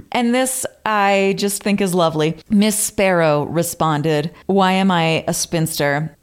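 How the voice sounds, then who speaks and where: A woman with a fairly low voice hosts a casual podcast chat. She reads old letters aloud with an amused, theatrical flourish, breaking off into light asides between them. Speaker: podcast co-host.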